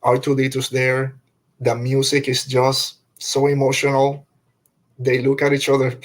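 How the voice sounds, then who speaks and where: A man's voice: medium pitch, completely flat delivery, measured pace. Middle-aged guy on a podcast getting all choked up reviewing an episode, sighs a lot, keeps restarting. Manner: heartfelt and choked up, sighing, restarting phrases. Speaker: podcast host. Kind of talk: emotional episode review, casual chat.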